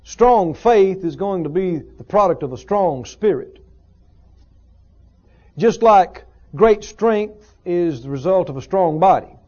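Slowly and with animation, a high-voiced, mellow male preacher delivers a heartfelt teaching sermon to those gathered at church. Rhetorical questions and repetition shape his delivery, while the recording itself is lo-fi and dull.

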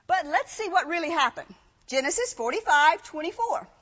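A woman's voice: very high voice, expressive, normal speed, fairly bright tone. A woman preaching a sermon in a conversational way, asking rhetorical questions and reading scripture. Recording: dull lo-fi sound, long hall reverb.

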